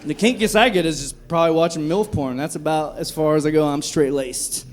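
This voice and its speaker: High-voiced man doing stand-up comedy. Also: fairly even intonation, a little fast. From Texas. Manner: profane, dark, self-mocking jokes. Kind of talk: live stand-up set. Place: comedy club stage. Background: audience laughter.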